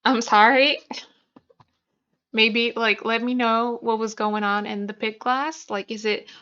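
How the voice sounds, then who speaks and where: A woman's voice: a little high, level tone, a little slow, pushed and bright, smooth, dull audio. A woman chatting casually about books at home, self-conscious and full of fillers and restarts. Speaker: book vlogger. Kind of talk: casual chat. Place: small room at home.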